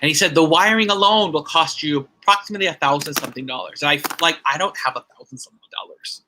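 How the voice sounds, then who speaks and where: A man's voice: a little high, fast, pushed and bright, a little hiss or hum. A man giving a personal testimony at a church ceremony, telling a story with repeated phrases and acted-out quotes.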